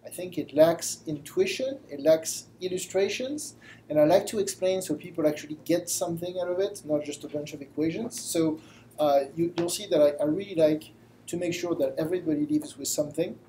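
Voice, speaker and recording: A man's voice: a little high, brisk, dark tone, a little hiss or hum, poor audio. A man with a French accent giving a live lecture to a study group, self-deprecating and explaining with simple examples. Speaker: guest lecturer. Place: room with a live audience.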